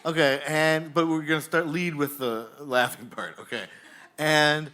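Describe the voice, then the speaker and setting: A man hosting a live comedy show on a bar stage, directing the audience in a rambling, halting, jokey way with lots of fillers. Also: fairly high pitch, fairly even intonation, bright, forceful tone.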